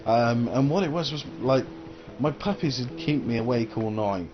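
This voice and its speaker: A man's voice: mid-range voice, lively intonation, moderate pace, noisy background. A man giving casual gameplay commentary as a gaming channel host, rambling and hesitant with lots of uh and um. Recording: dull lo-fi recording.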